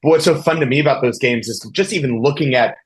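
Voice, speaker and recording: An enthusiastic man answers interview questions as a TV showrunner, his voice sitting at a medium pitch. He rambles and restarts his sentences often, his speech relaxed and conversational. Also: fast, rough recording.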